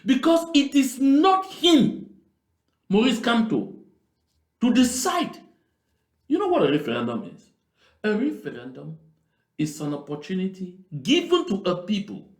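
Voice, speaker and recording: A man from Southern Cameroons, giving emphatic political commentary on played clips and repeating key phrases. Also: sits high. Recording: roomy echo.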